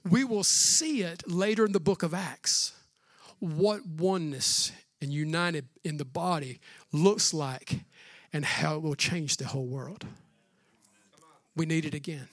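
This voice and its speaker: A man preaching a sermon as pastor, in a casual, energetic way with slangy asides. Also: sits high, moderate pace, no room sound, clean studio sound.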